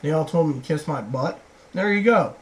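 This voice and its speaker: A woman's voice: deep voice, expressive, brisk, low-quality recording. A woman vlogger rambling through personal stories, acting out what other people said. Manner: rambling, acts out quoted people. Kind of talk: rambling personal storytelling to camera.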